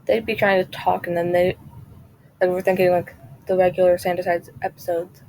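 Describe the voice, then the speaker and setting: A woman's voice: lowish voice, little pitch movement, moderate pace, darkish tone, slight background noise, low-quality recording. A woman vlogger in casual chat, rambling and chatty, often trailing off and restarting her sentences.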